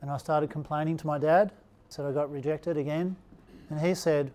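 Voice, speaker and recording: A man's voice: a little high, moderate pace. Australian man telling his story. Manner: relaxed anecdotal storytelling with acted quotes. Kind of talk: storytelling talk.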